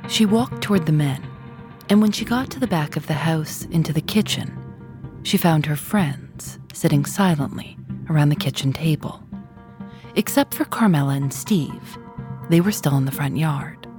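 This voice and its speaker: Low-voiced woman host reading scripted narration over music. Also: lively intonation, moderate pace. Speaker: podcast host.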